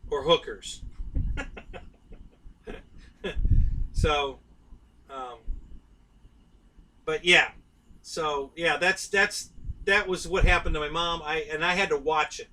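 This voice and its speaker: A man's voice: a little high, slow pace, pauses often, bright, forceful tone, far from the mic, slight background noise, low-quality recording. Rambling middle-aged man, off-mic. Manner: rambling, talks to viewers by name. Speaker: live stream host. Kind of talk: casual live-stream chat.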